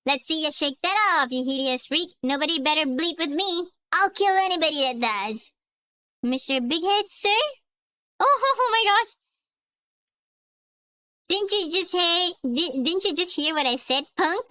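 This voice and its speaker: A woman's voice: sits high, moderate pace, bright, forceful tone, no room sound. A woman voicing a menacing, sword-waving male bully who snarls threats.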